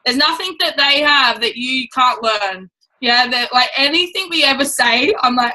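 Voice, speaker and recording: A woman's voice: sits high, normal speed, pushed and bright, rough recording. A woman giving a casual, blunt and chatty training talk to a business team. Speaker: network marketing trainer.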